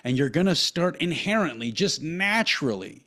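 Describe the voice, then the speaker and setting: A man's voice: a little high, moderate pace. Profane, rambling man chatting on a podcast. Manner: profane, rambling, animated storytelling. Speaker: podcast co-host. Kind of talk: casual chat.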